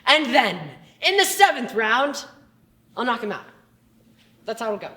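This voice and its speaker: A woman playing a boastful, deluded boxer at a press conference, boasting grandly in a deadpan way as stage comedy. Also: a little high, unhurried, roomy sound, exaggerated voice. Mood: pompous. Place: school stage.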